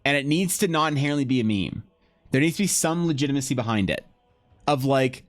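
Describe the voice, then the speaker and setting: A man's voice: medium pitch, very animated, fairly quick. Rambling, foul-mouthed male streamer. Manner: loose, rambling, profane banter. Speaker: livestreaming artist. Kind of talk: casual stream chat while drawing.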